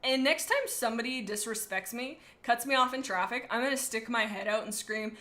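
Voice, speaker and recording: A woman streamer reading fanfiction aloud on a casual livestream, giggling and rambling through animated asides. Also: on the high side, a little fast, few pauses.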